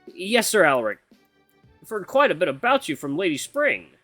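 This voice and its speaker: A man's voice: high voice, sing-song, moderate pace, sharp tone, dry recording, faint music behind, pitched above the performer's own voice, heavily acted. A man voicing an easygoing young male hero who talks in a casual, friendly way.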